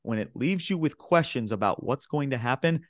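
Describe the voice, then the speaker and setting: Medium in pitch, lively in intonation and moderate in pace, this podcast co-host sounds clean and studio-recorded with no room sound. His wrestling recap is loose, rambling and full of filler, with him acting out what people said.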